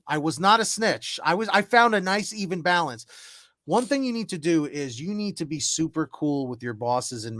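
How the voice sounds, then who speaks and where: A young man hosting a casual tarot livestream, telling animated stories with big swings in pitch and volume. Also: no echo, clean studio sound. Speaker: tarot reader, stream host.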